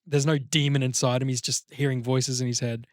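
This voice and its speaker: A man co-hosting a podcast in casual chat, rambling as he pitches a story and acting out bits of it. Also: little pitch movement, brisk, no echo, studio quality. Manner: rambling, swears often, acts out voices. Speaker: podcast co-host.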